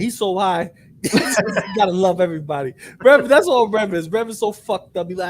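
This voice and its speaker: A man in casual chat, animated and profane, acting out other people's lines as he talks. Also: sits high, fairly quick. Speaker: co-host.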